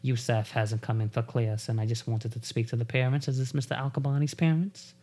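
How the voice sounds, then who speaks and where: A man doing a hesitant school coordinator woman, calling home about a missed class. Her words come out halting and full of "uh"s, with a slightly lower pitch than his usual talk and a softer volume. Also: fairly even intonation. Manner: hesitant, halting phone call. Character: middle-aged female school parent coordinator.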